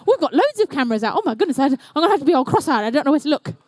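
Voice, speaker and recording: A woman's voice: sits high, big pitch swings, rapid-fire, a little mellow, no room sound. A woman commentating a live indoor competition and emceeing it, with playful, jokey banter aimed at the crowd.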